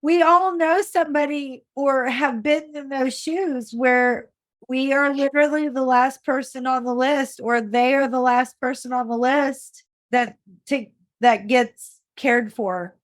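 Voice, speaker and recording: A woman hosting a podcast interview, emotional and halting as she responds to her guest. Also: sits high, fairly even intonation. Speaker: podcast host. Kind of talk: interview conversation.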